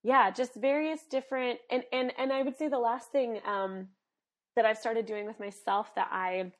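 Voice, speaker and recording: A woman health coach talking in a casual podcast conversation, earnest and animated, with many fillers, acting out little dialogues. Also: fairly high pitch, normal speed. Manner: acts out quoted dialogue.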